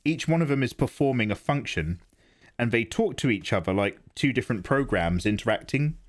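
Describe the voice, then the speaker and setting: A man streaming live art who chats casually with viewers in a rambling, animated way and often laughs. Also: mid-range voice, fairly quick. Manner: animated, rambling, laughs into his own impressions. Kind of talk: casual livestream chat.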